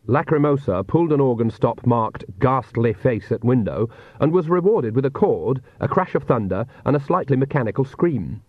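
A man's voice: medium pitch, animated, a little fast, few pauses, no echo. Man reading a story over a tinny line. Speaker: audiobook narrator. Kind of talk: scripted narration. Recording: tinny phone-like dry recording.

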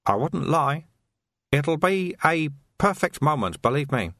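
A calm, knowing male guide who speaks gently and reassuringly, voiced by a man reading a storybook. His voice sits a little higher than normal. The sound is dry and close. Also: unhurried, no room sound, exaggerated voice.

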